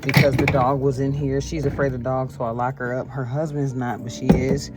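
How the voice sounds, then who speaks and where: A woman vlogging casually from her home, retelling her day in an animated, gossipy way. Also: rumbling low, fairly quick, over loud music. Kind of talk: casual chatty storytelling. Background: smooth jazz and background voices.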